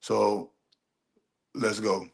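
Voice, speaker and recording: In a lowish, gravelly voice with a fry edge, a man drags out his words while commenting on a video he's reacting to. His casual stream talk is animated and full of profanity, and he reads search results aloud along the way.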